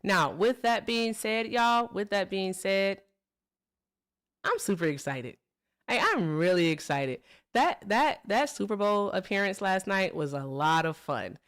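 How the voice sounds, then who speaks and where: A woman with a medium-pitched voice and lively intonation hosts a live political call-in stream, speaking a little slowly. Chatty and upbeat, she greets viewers and callers and says "y'all" in this casual livestream chat.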